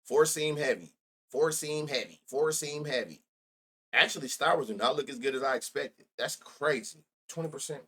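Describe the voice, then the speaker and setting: A man's voice: medium pitch, normal speed, a bit bright, slightly rough. Profane, rambling young man streaming. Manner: rambling, profane, laughs often, talks to chat. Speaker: sports betting streamer. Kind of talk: live-stream casual chat.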